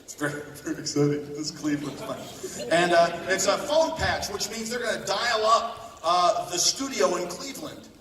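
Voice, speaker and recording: A man's voice: sits high, normal speed, a crowd in the background. A man, a voice actor on a convention panel, telling rambling, chatty anecdotes with bits of laughter. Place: large convention panel room. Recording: echoey hall recorded from far off.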